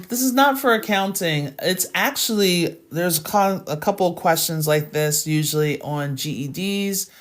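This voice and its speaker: A woman tutoring math live in a casual, chatty way. She sounds tired and fills her talk with ums and small laughs. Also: sits low. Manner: chatty and relaxed, with frequent fillers and laughs.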